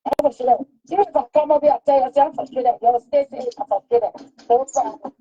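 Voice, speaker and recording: A woman's voice: high-pitched, fairly even intonation, quick pace, mellow. A woman, talking emphatically and repeating herself in heated casual talk. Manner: emphatic, repetitive. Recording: dull lo-fi recording.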